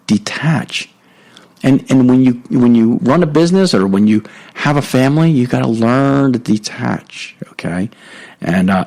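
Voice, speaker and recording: A middle-aged man hosting a podcast, giving a casual, halting talk on faith with many fillers and restarts. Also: medium pitch, a little mellow, rough recording. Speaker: podcast host. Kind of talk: spoken teaching on faith.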